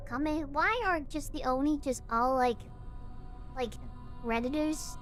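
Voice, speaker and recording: A woman's voice: high voice, unhurried, faint music behind. A woman streaming a game live, rambling in a chatty, self-mocking way. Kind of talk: casual live gameplay chat.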